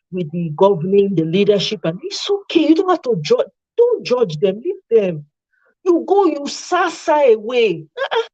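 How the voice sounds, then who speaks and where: Animated Nigerian woman, dull dry sound. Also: mid-range voice, no room sound. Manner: animated, mixes in Pidgin and acts out little scenes. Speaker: host. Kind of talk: casual commentary.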